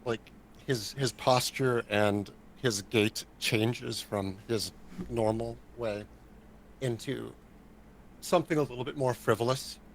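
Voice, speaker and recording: A man's voice: medium pitch, takes it slowly, slight background noise, low-quality recording. A man playing a tabletop game, casually describing what his character does. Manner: casual, describing actions with fillers. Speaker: player.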